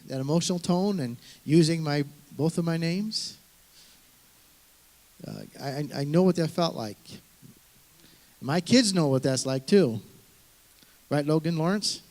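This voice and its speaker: A man's voice: a little high, darkish tone. Earnest middle-aged man preaching. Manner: earnest, conversational preaching with frequent restarts. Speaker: pastor. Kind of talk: sermon.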